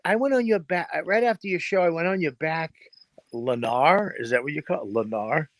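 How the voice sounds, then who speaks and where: A man co-hosting a podcast in casual chat, a profane, animated storyteller who acts out noises. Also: on the high side, fairly quick, dry recording. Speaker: podcast co-host. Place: home in New Hampshire, crickets behind.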